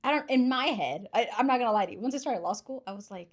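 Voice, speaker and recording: A woman's voice: fairly high pitch, expressive, fast, a little hiss or hum. A woman in her twenties chatting casually as a podcast guest, rambling and self-deprecating, with lots of fillers. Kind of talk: casual chat.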